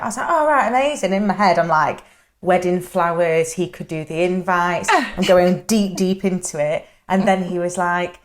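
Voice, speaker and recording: A woman's voice: fairly low pitch, fairly even intonation, normal speed. A young woman with a Yorkshire accent, co-hosting a casual podcast and telling chatty, self-mocking stories. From England. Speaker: podcast co-host. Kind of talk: casual chat, storytelling.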